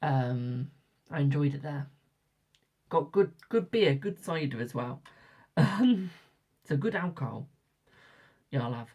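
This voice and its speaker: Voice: medium pitch, animated, slow, pauses often, mellow. Chatty rambling tarot reader on a live stream. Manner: chatty and rambling, repeats herself for emphasis. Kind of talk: casual chat with live viewers.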